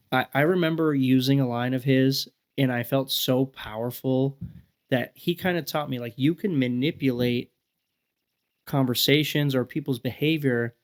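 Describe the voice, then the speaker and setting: Gravelly guy around 40 swapping stories on a podcast, cusses a lot, does the voices. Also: mid-range voice, normal speed. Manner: profane, animated storyteller acting out quotes. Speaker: podcast guest. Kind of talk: casual storytelling chat.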